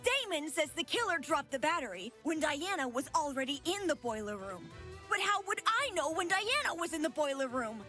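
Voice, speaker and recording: Casting: very high, bright, frantic girl, shrill and accusing, music under. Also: very animated, moderate pace, full character voice. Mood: defensive. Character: defensive, panicky young girl suspect.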